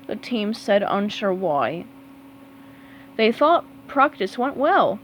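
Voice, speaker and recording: Slow, lively woman reading a storybook. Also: medium pitch, slight background noise, rough recording. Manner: slow, expressive read-aloud. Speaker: storybook reader. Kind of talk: storybook read-aloud.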